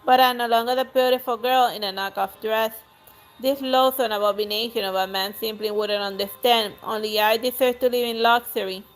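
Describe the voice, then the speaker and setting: A woman's voice: fairly high pitch, steady tone, fairly quick, soft background music, lightly acted. A woman reading out the lines of a haughty, greedy noblewoman in a game, with imperious insults. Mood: scornful. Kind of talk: reading game dialogue aloud.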